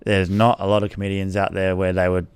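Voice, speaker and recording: A man's voice: low voice, completely flat delivery, fast, a little mellow, smooth, no room sound. A man hosting a casual interview, who encourages his guest with short affirmations. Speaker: podcast host.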